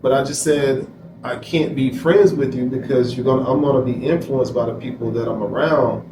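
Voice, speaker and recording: A man's voice: medium pitch, fairly even intonation, moderate pace. Distant, echoey man telling his story. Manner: emphatic, repeats phrases, quotes himself. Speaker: interview guest. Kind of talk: candid personal storytelling. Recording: echoey room, distant mic, noisy.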